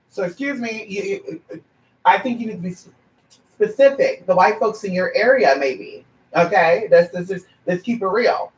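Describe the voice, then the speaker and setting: Her voice is mid-range and her speed normal as this trans psychic reader, who charges for readings, vents bluntly and sassily to her audience with plenty of cursing. She animatedly mimics others mid-story in a casual vlog, recorded far from the mic in an echoey room.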